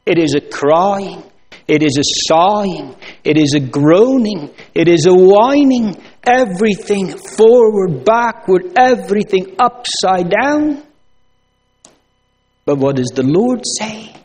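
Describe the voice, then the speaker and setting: A man preaching a sermon in a slow, drawn-out, old-fashioned cadence that rises into sing-song emphasis on repeated phrases. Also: high-pitched, animated, darkish tone, slight background noise.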